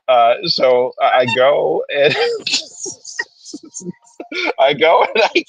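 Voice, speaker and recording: A young man with a New Jersey accent, appearing as a guest comic creator, tells a story in casual chat with a husky, high-leaning voice and drawn-out words. He's animated and acts out the people he quotes, all on poor audio.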